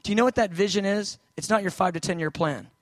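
A man preaching a sermon, moving from shouted urgency to hushed, low storytelling as he acts out prayers and replies. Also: fast, dry recording.

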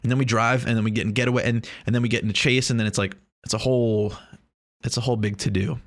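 A man's voice: mid-range voice, fairly even intonation, quick pace, no echo, clean studio sound. A young man talking in a casual, rambling monologue, joking and swearing freely.

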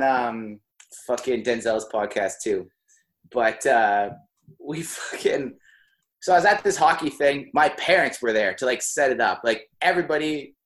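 A man's voice: medium pitch, a bit bright. A young man telling a long anecdote in casual podcast chat, full of "like" and laughing through it. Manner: rambling, heavy on "like", laughs mid-story.

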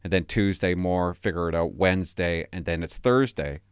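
A man's voice: low-pitched, normal speed, clear, resonant tone, no echo. A man rambling through a casual story, often interrupting himself and laughing at his own tale. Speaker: former police cadet telling stories.

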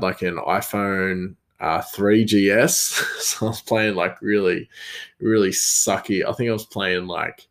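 A man telling a personal story in a casual, rambling way, with many fillers and restarts. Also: on the low side.

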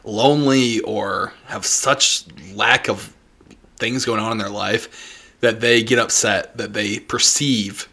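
A man's voice: fairly low pitch, steady tone, slow, vocal fry, pushed and bright. A young man chatting casually, laughing easily and ranting with exasperation. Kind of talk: casual chat.

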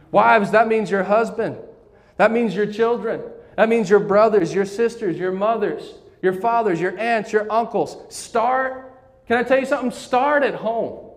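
A man preaching a sermon as pastor, calling on the congregation to repeat phrases back to him. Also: high voice. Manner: call-and-response preaching, asks congregation to repeat. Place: church sanctuary. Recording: church hall reverb.

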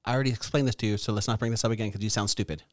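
A man's voice: on the low side, fairly even intonation, very fast, no room sound, clean studio sound. A man co-hosting a podcast in casual chat, laughing often and swearing freely. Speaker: podcast co-host.

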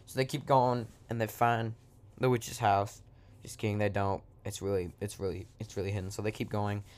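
A man's voice: lowish voice, little pitch movement, normal speed, a little mellow. Offhand man rambling through a silly story. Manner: offhand, joking, trails off into asides.

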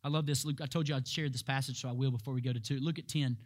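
A man preaching a sermon, emphatic and full of rhetorical questions, laughing at times and building up to shouted peaks. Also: medium pitch, steady tone, very fast.

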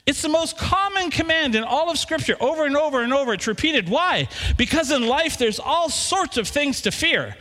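A middle-aged man preaching a sermon in church, animated and asking the congregation questions. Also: extremely high pitch, normal speed, hardly any pauses. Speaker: pastor. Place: church hall. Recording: long hall reverb.

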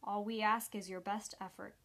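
Male agent, calm, gentle, persuasive, woman narrator, level pitch. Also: moderate pace, close to an everyday voice.

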